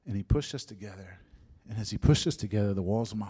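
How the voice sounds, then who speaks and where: A man in his fifties telling his conversion story as a sermon testimony, shifting from lively storytelling to soft, hushed moments. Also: lowish voice, fast talker, few pauses, slightly rough. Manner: storytelling, drops to soft whispers at emotional moments. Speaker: preacher giving a testimony. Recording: long hall reverb.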